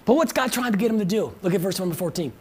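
A pastor preaching a sermon in an animated way, with frequent restarts and laughing asides. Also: medium pitch, racing.

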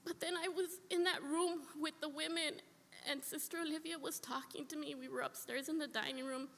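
Testifying as a church member in the sanctuary, a woman speaks with earnest feeling and repeats phrases for emphasis. Her voice sits high with a steady tone, a moderate pace, and a fairly bright quality, and the hall rings with long reverb.

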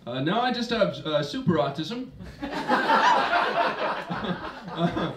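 A young man doing a stand-up set, halting with lots of fillers and restarts. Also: fairly high pitch, very animated. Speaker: stand-up comedian. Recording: roomy, distant mic, hissy noise.

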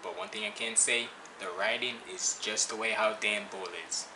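A man's voice: fairly low pitch, fairly even intonation, normal speed, reverberant, over loud music, rough recording. A man hosting a reaction video, chatting casually in a rambling, loose way. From Jamaica. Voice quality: rambling, chatty, restarts a lot. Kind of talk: casual chat.

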